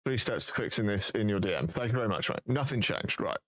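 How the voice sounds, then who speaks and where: A man's voice: lowish voice, animated, quick pace, a bit bright. A man live-streaming, chatting casually and thinking aloud while he fixes his voice settings.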